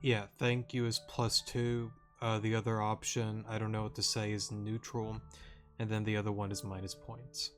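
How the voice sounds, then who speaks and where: A man's voice: on the low side, little pitch movement, normal speed, faint music behind. A man casually commenting on a video game playthrough, rambling with lots of fillers and restarts. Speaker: gaming channel host. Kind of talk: casual let's play commentary.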